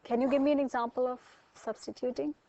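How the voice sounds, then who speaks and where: A woman's voice: high voice, steady tone, fast talker, mellow, highs cut off. A woman lecturing a college class, asking students questions and explaining with everyday examples.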